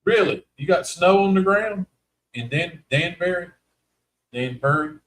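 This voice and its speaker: A man's voice: high voice, moderate pace, slight background noise. Southern man, North Carolina drawl, chatty co-host, folksy and teasing on a live stream. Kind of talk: casual live stream chat.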